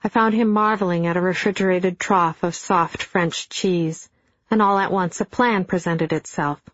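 A middle-aged woman narrating an audiobook in a dry, deadpan storytelling manner. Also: on the low side, moderate pace, no echo. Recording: dull, dry studio sound.

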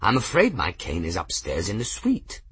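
A man voicing a mild, apologetic gentleman mage who speaks calmly, in a storybook reading. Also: on the low side, normal speed, breathy edge, dry recording, full character voice. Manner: apologetic, calm.

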